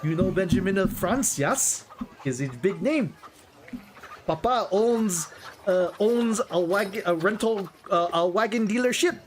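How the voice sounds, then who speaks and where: A man voicing an arrogant young French heir who speaks haughtily and slowly. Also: fairly high pitch, slight background noise. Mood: haughty. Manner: haughty, drawn-out.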